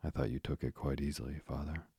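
A man reading aloud, voicing an eager, obliging young girl, only slightly softer than his own voice. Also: extremely low pitch, little pitch movement, fast, vocal fry, breathy edge, dry recording, clean studio sound, full character voice.

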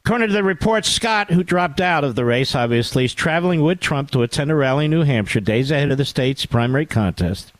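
A man hosting a talk radio show, delivering a sarcastic, animated political monologue with asides to his producer. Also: on the high side, fast, few pauses, no room sound.

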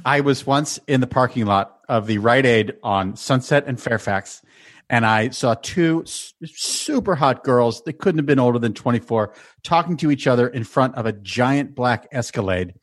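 A man guesting on a podcast, telling stories in a deadpan, casual way. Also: mid-range voice, normal speed. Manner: deadpan storyteller. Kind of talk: casual chat.

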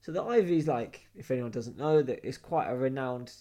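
A man with a London accent, co-hosting a podcast, telling animated, slangy travel stories in casual chat. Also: mid-range voice, normal speed. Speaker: podcast co-host.

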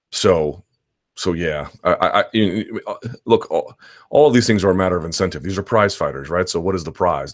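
A man's voice: low voice, dry recording, clean studio sound. A man hosting a live chat stream, answering viewer questions in a loose, rambling conversational way with restarts and asides.

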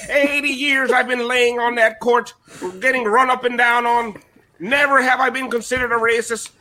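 Guy doing a high bright old leprechaun, all huffy and defensive. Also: flat delivery, normal speed, heavily acted. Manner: indignant, shouting denials. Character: old male leprechaun mascot, defensive and blustering.

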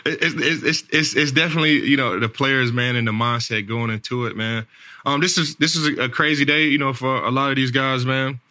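Bright-voiced man telling a rambling story. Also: mid-range voice, fairly quick. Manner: rambling, repeats words, says "man" and "like" a lot. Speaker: podcast host, NFL player. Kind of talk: casual storytelling chat.

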